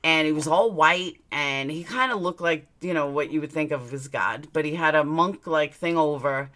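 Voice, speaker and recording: A woman with a low, forceful voice talks straight into her webcam on a casual live stream. She is blunt and candid, swears without a second thought, and lets her personal stories ramble on. The delivery has a sharp edge to it. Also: normal speed. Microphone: webcam mic, looking into camera.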